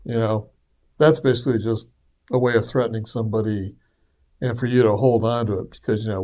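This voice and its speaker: A man shares personal reflections in a casual, conversational monologue, speaking earnestly and acting out quoted voices. His voice is fairly low and warm, with a steady tone and a brisk pace.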